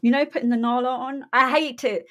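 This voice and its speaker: A woman's voice: high-pitched, steady tone, fairly quick. Chatty woman podcast co-host. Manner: chatty, raises questions. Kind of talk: casual chat.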